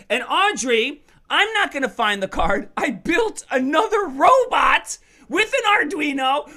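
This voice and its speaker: A woman who is a kids' show presenter and magician hosts a lively online workshop for children, addressing them directly and coaxing them to join in. Her voice is fairly high-pitched, bright, and forceful, and the show has a playful feel.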